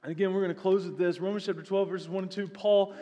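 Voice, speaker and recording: A man preaching a sermon, earnest, rising to loud emphatic peaks and dropping to soft, hushed passages. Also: sits high, fairly even intonation, fast, lo-fi sound. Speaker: pastor. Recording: long hall reverb.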